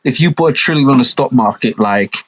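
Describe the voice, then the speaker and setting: A young man trades casual podcast banter, arguing his point and slipping into impressions of other people. His voice sits at a middle pitch with a husky, breathy edge. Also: fairly quick. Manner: animated, argumentative, mimics other people. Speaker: podcast co-host. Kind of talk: casual chat.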